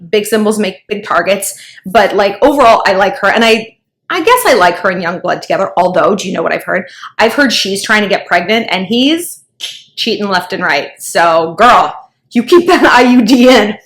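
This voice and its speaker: A woman talks straight to her viewers in a loose, gossipy vlog style. Her voice has a middling pitch, and she scatters filler words through chatty, unscripted talk. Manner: gossipy, chatty, heavy use of filler likes. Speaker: dating advice vlogger. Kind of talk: casual vlog chat.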